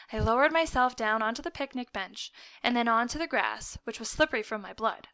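A woman narrating a novel aloud in the first person with lively, expressive delivery. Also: fairly high pitch, fairly quick, few pauses, no echo. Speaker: audiobook reader.

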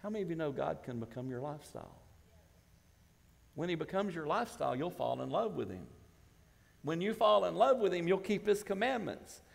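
A male pastor, possibly, preaching a sermon that builds to shouted emphasis. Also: on the high side, very animated, a little fast, vocal fry. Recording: church hall with long reverb.

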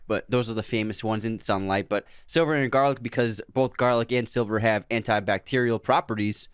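A man's voice: on the low side, clean tone, no echo, studio quality. Eager man explaining vampire lore. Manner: enthusiastic, explains folklore eagerly. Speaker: podcast co-host. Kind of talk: casual chat.

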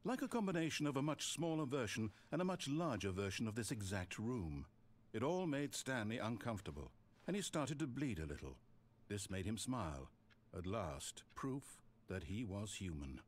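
A man's voice: on the low side, sing-song, normal speed. A man voicing a dry, sardonic narrator in a game, with wry, theatrical, exasperated asides. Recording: game audio with music behind.

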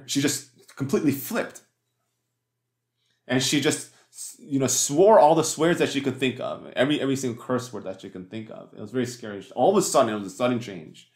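In an echoey church hall, a man preaches as pastor in a medium-pitched, darkish voice, speaking fairly quickly. His delivery is conversational, with lots of fillers and false starts, and he throws rhetorical questions at the congregation.

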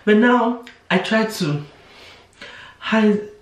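A woman's voice: mid-range voice, lively intonation, drawn-out words. Young woman, casual vlog chat, echoey room, mic set back. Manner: chatty, restarts often, acts out quoted voices. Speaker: vlogger. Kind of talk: casual confessional chat to camera. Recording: roomy, voice from a distance.

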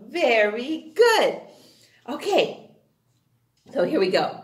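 A woman teaching young children their letters, her high voice swooping up and down in a lively sing-song. She speaks slowly and answers each question herself, and the room around her echoes. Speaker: phonics teacher. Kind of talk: online phonics lesson for young children.

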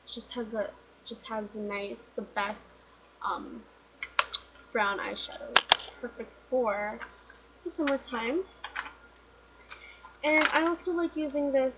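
A woman's voice: a little high, noisy background. Chatty young woman on a lo-fi webcam. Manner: chatty, upbeat, lots of fillers. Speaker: beauty vlogger. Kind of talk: casual product review. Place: home room at a table. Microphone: webcam mic. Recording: dull lo-fi 2011 webcam audio.

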